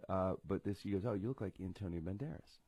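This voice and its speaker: Crowd noise surrounds this middle-aged radio comedy host, whose deep voice moves at a quick clip. Broadcasting a casual talk show from a home studio, he wanders from thought to thought, pokes fun at himself, and often starts over mid-sentence.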